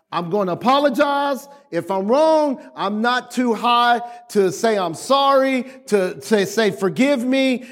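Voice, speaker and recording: A man preaching a sermon with emphatic call-and-response, repeating phrases and exhorting the congregation. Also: high voice. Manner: repetitive, exhorting, varies volume widely.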